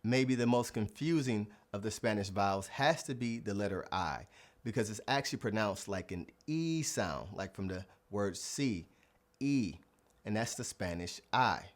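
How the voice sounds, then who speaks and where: Male language teacher, lowish voice, scripted lesson delivery, slows down on example words. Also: lively intonation. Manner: clear, deliberate, stretches out example words. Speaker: Spanish teacher.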